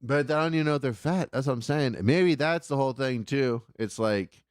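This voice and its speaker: Man, profane rambling storyteller, smooth resonant voice, dry close sound. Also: medium pitch, a little fast, no room sound. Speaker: comedy podcast guest. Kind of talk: casual storytelling chat.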